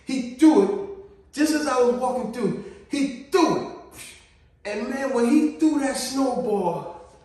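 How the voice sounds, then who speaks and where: A man telling a childhood story in an animated, slangy way, laughing often, recorded in a very echoey room away from the mic. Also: extremely high pitch, slow, long pauses, far from the mic. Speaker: vlogger.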